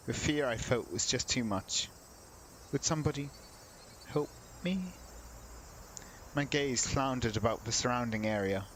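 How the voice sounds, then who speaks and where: A man's voice: medium pitch, a little slow, pauses often, slight background noise, rough recording. Man reading game narration with wry asides. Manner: reads narration, breaks off into wry comments. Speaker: let's play host. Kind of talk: reading game text aloud with casual asides.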